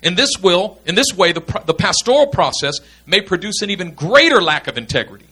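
A man's voice: high-pitched, very animated, brisk, bright, forceful tone, slightly rough. A man teaching in a sermon style, earnest and emphatic, repeating his key points. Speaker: pastor teaching pastors.

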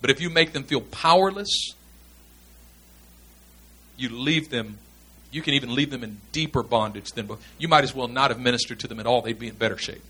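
Bright-voiced man preaching. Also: medium pitch, a little fast, slightly rough. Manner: earnest, emphatic, repeats key points. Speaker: pastor teaching pastors. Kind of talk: sermon teaching.

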